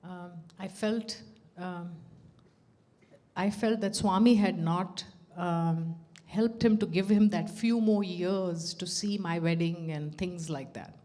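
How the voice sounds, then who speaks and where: A middle-aged woman sharing a personal devotional story, animated and laughing as she acts out the dialogue. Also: on the low side, takes it slowly. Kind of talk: personal testimony at a devotional gathering.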